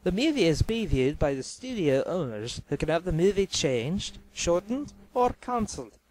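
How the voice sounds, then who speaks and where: Brief: male cartoon narrator, high and lively, explains steps, light hiss. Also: moderate pace.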